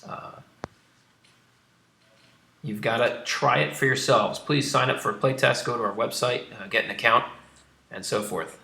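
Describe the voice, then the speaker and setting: A man's voice: medium pitch, moderate pace, vocal fry, pauses often, pushed and bright, reverberant. A man on a live stream, explaining his strategy card game while he plays it and answering viewer questions with many fillers. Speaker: game designer streaming gameplay. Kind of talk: casual live-stream commentary.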